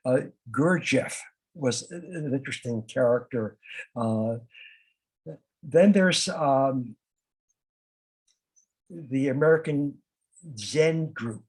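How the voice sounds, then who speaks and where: Husky man leading a halting study talk. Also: medium pitch, darkish tone, rough recording. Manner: halting, many uh and um fillers and restarts. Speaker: discussion leader. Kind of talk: informal talk to a study group.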